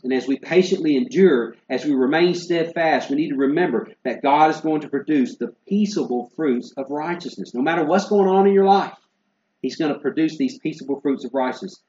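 A man pastor preaching an earnest sermon, building to emphatic lists and dropping to quiet asides. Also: on the high side. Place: church sanctuary. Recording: roomy, slightly dull church sound.

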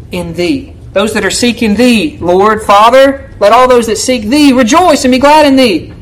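On poor audio, a man preaches an expository sermon as a church elder, emphatic and frequently turning to his hearers with "right?" He swings between raised, pleading passages and low, quiet asides.

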